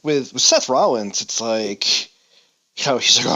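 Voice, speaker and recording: A man co-hosting a casual podcast, talking in an animated way and acting out quotes. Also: mid-range voice, unhurried, muffled recording. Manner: animated, acts out quotes in voices. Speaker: podcast co-host. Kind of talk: casual wrestling chat.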